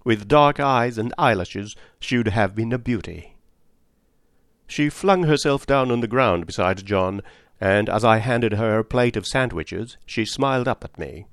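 A man reading an audiobook in a measured storytelling manner. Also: on the low side, clean tone, dry recording, clean studio sound. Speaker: narrator. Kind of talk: audiobook narration.

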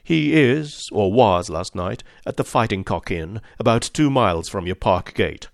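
A man voicing a cold, inexorable male detective who speaks calmly, precisely and insistently. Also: fairly low pitch, measured pace, vocal fry, dry recording, clean studio sound. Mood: cool.

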